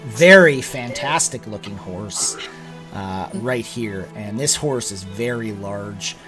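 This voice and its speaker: A man's voice: on the low side, slow, music in the background. A man narrating as game master of a tabletop game, describing scenes casually, with many fillers.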